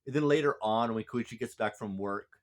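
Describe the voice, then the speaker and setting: A man's voice: medium pitch, fairly quick. A man casually reviewing a movie, rambling with lots of fillers and restarts. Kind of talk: casual film review vlog.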